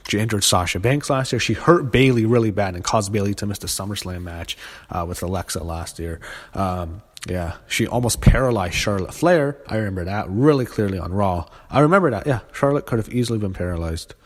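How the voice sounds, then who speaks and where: Angry low-voiced man ranting. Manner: halting, full of fillers and restarts. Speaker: wrestling show reviewer. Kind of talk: casual unscripted review. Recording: long reverb.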